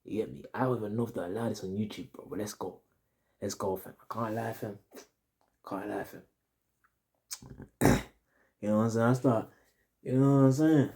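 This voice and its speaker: A young man rambles through a casual storytime, looping back over the same slangy phrases again and again. His voice sits fairly low, with a soft, mellow tone. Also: fairly even intonation, normal speed, long pauses. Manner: rambling, slangy, keeps repeating himself. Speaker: vlogger.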